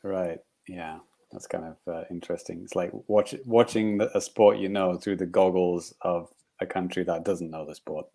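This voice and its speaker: A man with a low, dark and mellow voice chats casually as a podcast co-host. He rambles through his points with lots of fillers and little chuckles. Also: steady tone, moderate pace. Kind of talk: casual chat.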